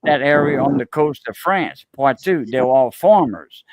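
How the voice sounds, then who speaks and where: A man's voice: medium pitch, lively intonation, background noise. A man with a Cajun accent, hosting a casual chat and telling long stories with many fillers and restarts. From South Louisiana. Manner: rambling storyteller, halting with many fillers and restarts. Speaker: host.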